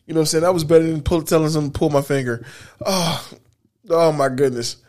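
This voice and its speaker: A man's voice: a little high, fast talker, a little mellow. A man hosting a casual podcast in a studio, loose and profane, laughing hard between lines. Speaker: podcast host. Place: recording studio.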